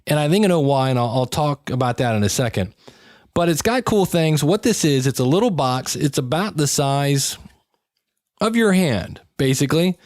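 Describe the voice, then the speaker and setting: A man's voice: fairly high pitch, animated, moderate pace, darkish tone, dry recording, clean studio sound. A man hosting a podcast, demonstrating gear in a chatty, wry and upbeat way. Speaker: podcast host. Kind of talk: casual gear demo.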